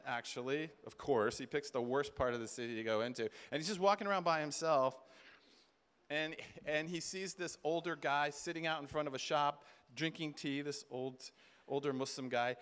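Man, conference speaker, lively storytelling, acts out voices, slightly high voice. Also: clear, resonant tone. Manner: animated, acts out quoted voices, humorous asides. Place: conference stage before a live audience.

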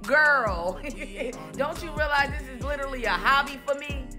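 A woman's voice: high-pitched, moderate pace, over music. Sassy woman calling someone out. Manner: sassy, calling out, laughing in between. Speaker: YouTube commentator. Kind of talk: confrontational commentary.

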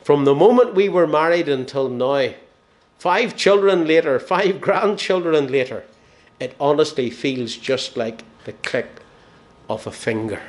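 His voice sits on the high side as he delivers a sermon: a Northern Irish man in his sixties. Gentle humour runs through his storytelling, and each phrase settles soft and slow as it ends.

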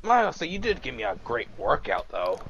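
A man's voice: medium pitch, huge pitch swings, moderate pace, gravelly, a bit bright, lo-fi sound, slight background noise, full character voice. A man voicing a cocky, taunting male villain fighter in an amateur anime fan dub, mocking his opponents. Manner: mocking, gloating.

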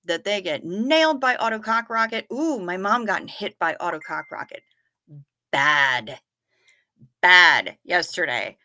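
A woman with a Midwestern American accent hosts a livestream, chatting casually and gushing over viewer photos and comments. Her lowish voice is expressive, bright, and forceful, and she speaks unhurriedly in a playful, laid-back way.

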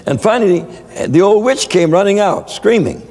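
A man's voice: sits high, lively intonation, moderate pace, a little mellow, in a large hall. A man preaching a sermon, telling stories with many stammered repeats. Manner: storytelling with frequent stammered repeats.

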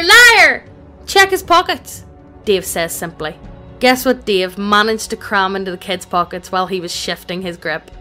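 A woman's text-to-speech voice delivers scripted narration of a tabletop gaming anecdote. The pitch sits in a middle register and the reading stays even, free of fillers. Quiet music plays faintly beneath. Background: faint background music.

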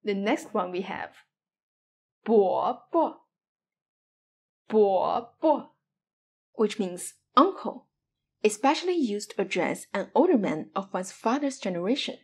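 A woman's voice: mid-range voice, big pitch swings, moderate pace, slightly rough. A woman teaching Mandarin pronunciation, modeling each syllable with exaggerated tones in a scripted lesson.

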